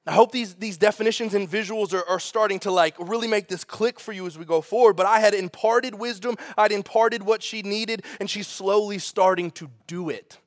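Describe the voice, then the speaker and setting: Pastor guy, kinda high voice, joking his way through a sermon, dry close mic. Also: no echo. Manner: storytelling with humor, animated asides.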